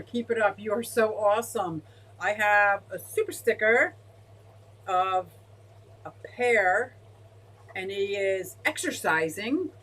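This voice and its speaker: A woman hosting a casual fish-keeping livestream, talking in an excitable, gushing way as she reads chat aloud. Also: medium pitch, a little hiss or hum, poor audio. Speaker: aquarium fish-keeping streamer.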